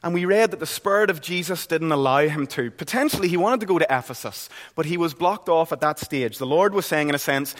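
A middle-aged Northern Irish preacher delivers an earnest, conversational sermon, often restarting his phrases. His voice sits a little high. The church hall adds a long, lingering reverb. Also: fairly quick, few pauses. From Northern Ireland.

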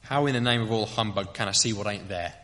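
Storybook reading: a man doing a gruff, scornful dwarf, surly and loud, barking with a bright, forceful edge in an echoey hall. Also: fairly low pitch, fast talker, lightly acted. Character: surly grumbling male dwarf.

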